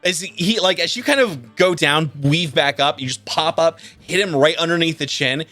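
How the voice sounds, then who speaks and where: A man narrating a tabletop game as game master over a voice call, animated and laughing often, with many fillers. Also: a little high, normal speed, soft background music. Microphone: computer mic on a voice call.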